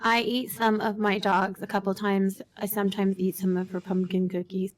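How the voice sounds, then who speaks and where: A woman streamer in casual podcast chat, telling stories in an animated way. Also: medium pitch, moderate pace. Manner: storytelling, animated anecdotes.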